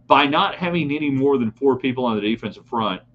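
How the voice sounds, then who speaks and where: A middle-aged man hosts a live sports talk show, opinionated and talking straight to his listeners. His voice sits at an ordinary pitch. The sound is a bit dull, with a faint hum behind it. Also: lively intonation, fairly quick. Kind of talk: live sports talk broadcast reading chat comments.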